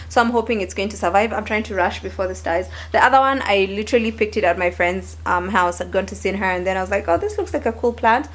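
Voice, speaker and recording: A young woman, chatting casually and expressively to camera in a home vlog. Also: fairly high pitch. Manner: chatty and expressive, with animated asides. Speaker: lifestyle vlogger.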